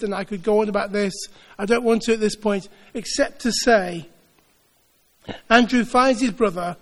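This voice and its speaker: A man's voice: high-pitched, big-room sound. A man preaching a sermon, earnest, building his points with repeated phrases. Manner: earnest, repetitive rhetorical build-ups. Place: church.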